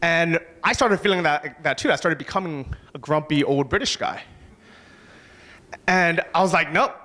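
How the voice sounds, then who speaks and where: Casual, energetic man giving a conference talk. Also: a little high, normal speed. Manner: casual, energetic, swears now and then. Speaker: conference speaker. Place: conference stage.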